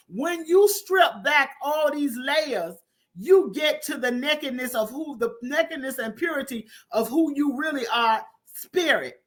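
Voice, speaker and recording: A woman preaching a conversational sermon, calling listeners honey and baby and breaking into loud emphatic bursts. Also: high voice, expressive, measured pace. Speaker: prophetess preaching online.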